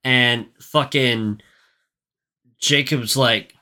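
Podcast co-host, male, bright voice, profane and rambling recap delivery. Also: medium pitch, steady tone, extremely slow. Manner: profane, ranting, lots of filler words. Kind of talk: casual movie recap.

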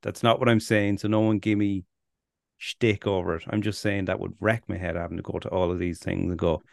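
A man's voice: sits low, flat delivery, fairly quick, gravelly, no room sound, clean studio sound. An Irish man co-hosting a podcast in casual chat, rambling, laughing often and swearing freely. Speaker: podcast co-host.

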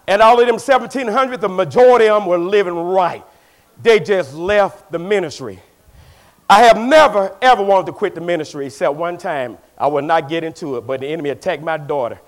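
A middle-aged man delivers a sermon in a high, ringing voice. He moves from shouted, fervent declarations to quiet, intimate storytelling and hammers home each point through repetition. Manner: emphatic preaching, swings between shouting and hushed storytelling; drives points home by repeating phrases. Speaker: pastor.

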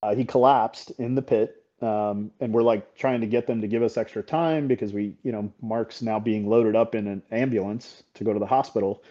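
A middle-aged paintball coach talking as a podcast guest, candid and blunt, swearing freely and often checking in with "right?". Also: male voice, fairly low pitch, steady tone, moderate pace, hardly any pauses, dark tone. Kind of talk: casual interview talk. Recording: slightly dull podcast audio.

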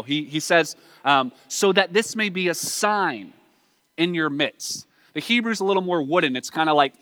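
A man's voice: on the high side, pushed and bright, dry recording. A man with a Southern US accent preaching a sermon in a conversational way, asking the listeners rhetorical questions.

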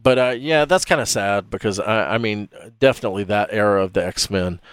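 A man's voice: fairly low pitch, clear, resonant tone, no room sound. A man hosting a casual podcast, rambling and stumbling over names as he talks. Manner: rambling, halting, fumbles names. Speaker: podcast host.

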